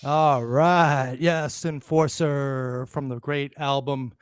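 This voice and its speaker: A man's voice: mid-range voice, steady tone, takes it slowly, clear, resonant tone, no room sound, faint music behind. A man hosting an informal tribute between songs, out of breath and talking in a loose, rambling way with fillers and restarts. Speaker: show host.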